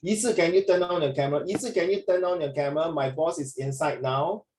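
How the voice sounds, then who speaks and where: A man's voice: fairly high pitch, fast, darkish tone, slight background noise, low-quality recording. A man teaching an online lesson over a video call, playful and teasing as he corrects a student and calls him "my dear".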